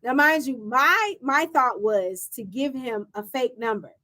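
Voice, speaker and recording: Woman host, telling her own story animatedly, bright and expressive. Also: sits high, measured pace. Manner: animated, acts out quoted voices with laughs. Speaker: show host and founder. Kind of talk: personal storytelling to a live audience.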